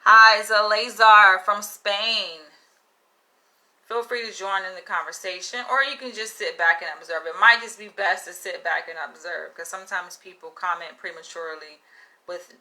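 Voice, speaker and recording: Woman livestream host, lowish pitch, sharp bright tone, blunt and profane. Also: brisk, low-quality recording. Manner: frank, profane and emphatic, laughing often. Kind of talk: casual livestream monologue.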